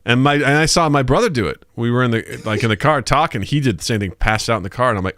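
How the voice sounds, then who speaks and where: A man's voice: fast talker, few pauses, no echo. A man co-hosting a casual podcast, his voice jumping way up whenever he acts out what someone said. He laughs often, and the sound is close and dry. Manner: animated storyteller, acts out quotes in a high voice. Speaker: podcast co-host. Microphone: podcast mic.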